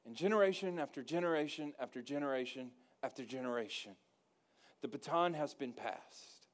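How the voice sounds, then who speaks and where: A man's voice: medium pitch, normal speed. A male pastor preaching a sermon, folksy and joking, calling for responses from the congregation. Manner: rising to loud emphatic preaching with call-and-response.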